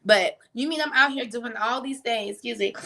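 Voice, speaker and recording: A woman delivers a casual, conversational sermon, full of slang asides and quick self-corrections. Her voice sits a little high, with a bright, forceful edge and a gravelly fry running underneath. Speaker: faith teacher. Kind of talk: conversational preaching.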